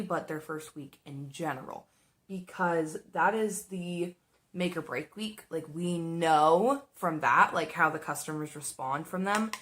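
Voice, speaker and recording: Chatty young woman telling a work story. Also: lowish voice. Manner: animated, swearing, quotes people in exaggerated voices. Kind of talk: casual storytime chat.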